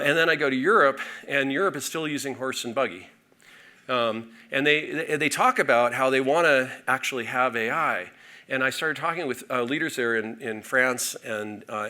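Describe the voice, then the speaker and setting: A man giving a conference keynote from a stage, energetic and full of fillers and restarts. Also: medium pitch. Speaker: keynote speaker.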